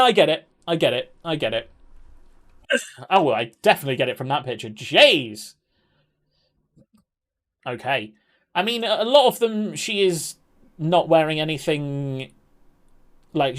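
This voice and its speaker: A young man chatting casually on a live stream, reacting to viewers and laughing often. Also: fairly high pitch. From England.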